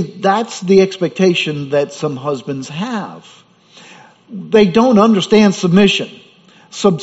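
In a church, a high-voiced pastor with a darkish tone delivers a conversational sermon full of rhetorical questions. The audio is dull and carries hall reverb.

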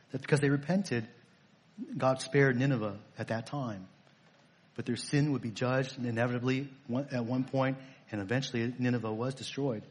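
A man's voice: mid-range voice, breathy edge. A male pastor preaching a sermon, emphatic and repetitive, firing off rhetorical questions.

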